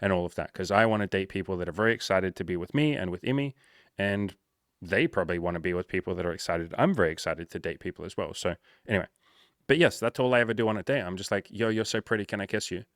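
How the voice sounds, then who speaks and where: A man's voice: sits low, fast talker, a bit bright, dry recording, studio quality. A man working as a dating coach, giving casual, frank advice with energy and plenty of swearing.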